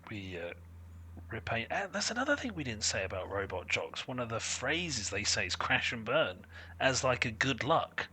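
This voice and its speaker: A man appearing as a podcast guest in casual chat, making dry, deadpan quips. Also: medium pitch, normal speed, slight background noise.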